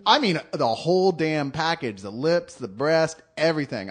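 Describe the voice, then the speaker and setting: Sardonic wisecracking man, higher voice. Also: animated, normal speed, husky. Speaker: co-host reviewer. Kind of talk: casual podcast banter.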